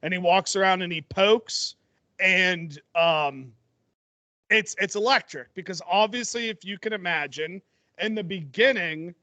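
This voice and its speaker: A young man with a high, bright, ringing voice chats on a podcast. He rambles eagerly and keeps restarting his sentences. The sound is dry and close. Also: no room sound. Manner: excited, rambling storytelling with restarts. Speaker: podcast co-host. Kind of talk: casual chat.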